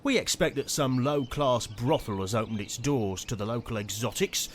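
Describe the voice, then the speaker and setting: An actor playing an officious, condescending police sergeant in a video game, reading out a report, with game audio faintly under a streamer. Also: male voice, medium pitch, normal speed, slight background noise, natural voice.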